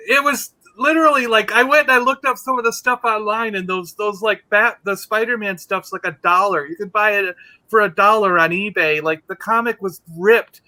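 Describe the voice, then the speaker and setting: High bright-voiced man telling a story. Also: normal speed. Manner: animated storyteller, acting out quotes. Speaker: podcast co-host. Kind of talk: casual chat.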